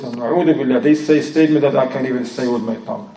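An Islamic teacher explains a religious text in English with a non-native accent, frequently shifting into Arabic phrases and recitation. He talks quickly in a medium-pitched, dark voice. The recording sounds distant and echoey.

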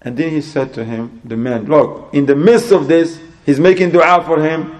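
A man giving a religious sermon in English, telling a story and acting out both sides of a conversation in a lively, rising voice. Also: a little high, normal speed. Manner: acts out dialogue in an animated, rising voice; non-native English with Arabic religious terms. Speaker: Islamic preacher.

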